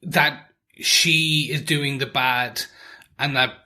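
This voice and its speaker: A man's voice: medium pitch, steady tone, slow pace, bright, forceful tone. A man co-hosting a podcast in casual chat, rambling and correcting himself as he goes. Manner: rambling, self-correcting with many restarts. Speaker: podcast co-host.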